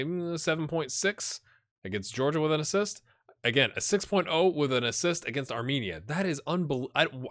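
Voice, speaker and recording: A man hosting a gaming channel, thinking aloud in casual commentary and talking straight to his virtual players. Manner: animated, jumps high when excited.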